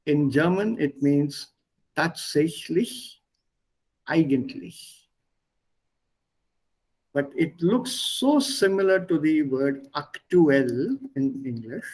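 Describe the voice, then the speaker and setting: A man teaching a language lesson online, explaining word pairs patiently with pauses. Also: a little high, a little mellow, poor audio.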